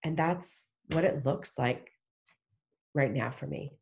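A woman's voice: low-pitched, takes it slowly, gravelly, a little mellow, a little hiss or hum. A middle-aged woman speaking as a podcast guest, earnest and heartfelt in a casual faith conversation. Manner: earnest, heartfelt, emphatic with restarts.

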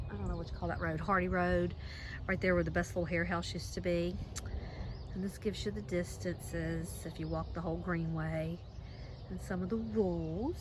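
A woman's voice: lowish voice, noisy background. A woman, chatting casually while walking a trail and a bit out of breath. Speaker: vlogger. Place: outdoors on a gravel trail. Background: birds singing, outdoor ambience.

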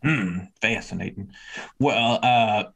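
A man's voice: fairly low pitch, slow pace, creaky, a bit bright. A man playing a tabletop role-playing game, talking casually with the game master. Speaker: player.

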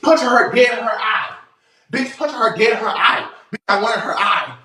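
A breathless man livestreaming, loudly acting out a fight story with profanity and sound effects. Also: high-pitched, normal speed, distant mic. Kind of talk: animated storytelling. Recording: roomy echo, faint noise.

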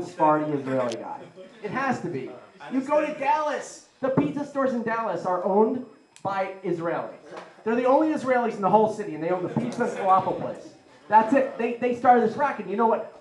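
Excitable high-voiced male stand-up comic. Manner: rambling, excitable, heavy use of "like". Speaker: stand-up comedian. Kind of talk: live stand-up comedy. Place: live comedy venue with an audience. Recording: roomy echoey live room.

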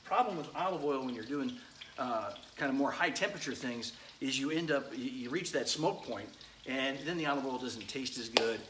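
Frying chicken in his own kitchen, a middle-aged cooking show host runs a relaxed live demo, greeting viewers by name as he chats. His mid-range voice is animated and fairly bright, at a normal pace, and the room echoes over the quiet sizzle of the pan.

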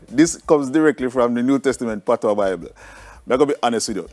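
A man's voice: medium pitch, brisk, a little mellow, dry recording, faint music behind. A man with a Jamaican accent who teaches a lesson and explains things conversationally, often checking in with his listeners. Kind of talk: recorded classroom lecture.

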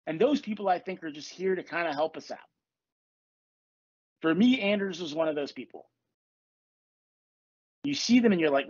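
A man hosting a casual podcast, blunt and confessional, with lots of swearing. His voice is slightly breathy and sits close and dry on a dull, lo-fi mic. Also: sits high, animated, normal speed, pauses often, darkish tone, no echo. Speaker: podcast host and coach. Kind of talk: casual chat.

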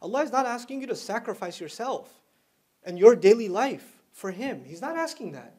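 A man giving an Islamic lecture to students, telling stories in a conversational way and reciting Arabic phrases quickly. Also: high voice, very animated, a little mellow, slightly rough.

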